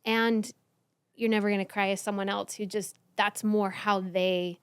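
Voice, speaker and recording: Brief: middle-aged woman guest, healing coach, lively and excitable, dry close sound. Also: normal speed, clear, resonant tone, no echo. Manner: animated, gets high-pitched when excited. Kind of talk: casual panel conversation.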